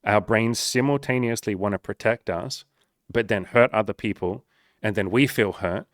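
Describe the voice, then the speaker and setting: A man's voice: fairly low pitch, normal speed, no echo, clean studio sound. A man talking as a life coach in casual, earnest advice to the camera, swearing freely and acting out the voices he quotes.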